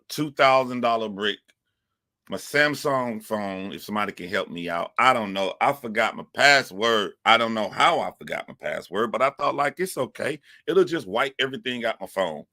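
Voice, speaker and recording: A man with a very low, bright and forceful voice chats on a livestream from his phone at home. He rambles, restarts his sentences and talks straight to viewers. The sound is dry and close. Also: very animated, moderate pace, no echo. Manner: rambling, self-correcting, chatty. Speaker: YouTube livestream host. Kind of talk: casual livestream monologue.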